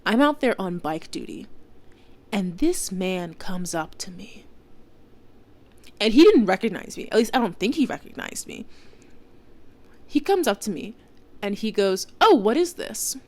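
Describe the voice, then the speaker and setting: A woman's voice: mid-range voice, sing-song, unhurried, long pauses, a little mellow. A young woman hosting a podcast, telling a story in casual chat, exasperated and swearing, with lots of filler words. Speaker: podcast host.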